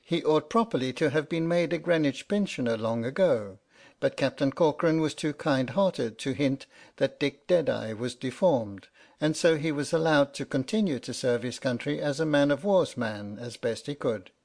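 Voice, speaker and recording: A man reading a storybook aloud as narrator, in a steady, wry storytelling manner. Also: fairly high pitch, normal speed, creaky. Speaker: audiobook narrator. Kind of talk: scripted narration.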